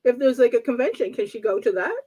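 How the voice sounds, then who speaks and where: A woman's voice: fairly high pitch, fast talker, warm tone, husky, poor audio. A woman hosting a casual live-stream talk show, blunt and teasing with emphatic points.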